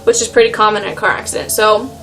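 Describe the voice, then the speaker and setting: A woman's voice: medium pitch, fairly even intonation, racing, gravelly, a bit bright, faint music behind. A young adult woman telling a story in a casual vlog, rambling with lots of "like" and "um". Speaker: vlogger.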